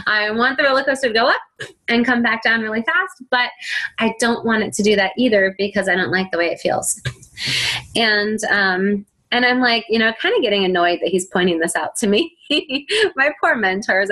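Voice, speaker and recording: A woman telling a personal story as a self-help speaker, animated, laughing often and acting out both sides of a conversation. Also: fairly high pitch.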